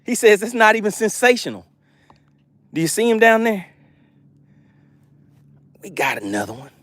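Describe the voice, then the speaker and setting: Male fishing streamer on a boat, animated delivery, dry sound, hypes every catch. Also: sits high, normal speed, no room sound. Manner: excitable, reads chat aloud, exclaims. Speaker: fishing livestream host. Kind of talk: live fishing stream chat. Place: on a boat outdoors.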